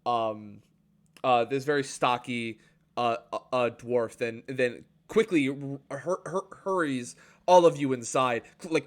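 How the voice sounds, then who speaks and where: A man narrating a tabletop game as game master, halting and filling his pauses with "uh" and "um". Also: medium pitch. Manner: halting, full of fillers and restarts.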